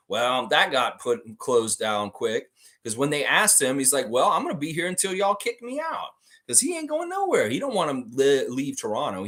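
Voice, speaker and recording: A man's voice: mid-range voice, fairly bright tone. A man hosting a casual fan livestream, ranting freely and swearing as he talks. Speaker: basketball livestream host.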